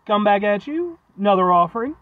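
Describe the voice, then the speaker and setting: A congested man talks in a high, lively voice as he rambles through a casual food review vlog. He records from inside his truck, and the sound is a bit dull and lo-fi. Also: fairly quick, slight background noise. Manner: rambling, chatty, animated.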